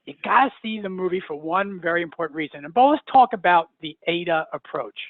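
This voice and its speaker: An older man from New York chats and jokes as a webinar co-host. His voice sits high for a man and sounds dry and tinny, like a phone call. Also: expressive, fast talker, dry recording. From New York, USA. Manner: joking, chatty, laughs easily. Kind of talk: casual webinar chat.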